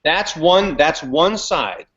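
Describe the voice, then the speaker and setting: A man co-hosting a casual chat, reading out viewer comments in a hesitant, halting way. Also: a little high, animated. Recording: dull lo-fi call audio.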